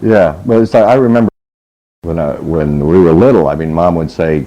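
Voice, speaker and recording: A man's voice: deep voice, moderate pace, dark tone, lo-fi sound. A male comedian giving straight-faced, rambling answers with many hesitations in a mock interview.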